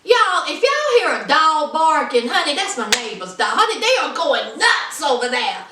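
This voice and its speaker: A woman's voice: high voice, big pitch swings, normal speed, recorded from a distance, background noise. A woman recapping a reality show in a sassy, dramatic, gossipy way, full of "honey" and "child". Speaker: reality TV reviewer. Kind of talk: casual gossipy recap commentary. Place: home. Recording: echoey room, voice a bit off-mic.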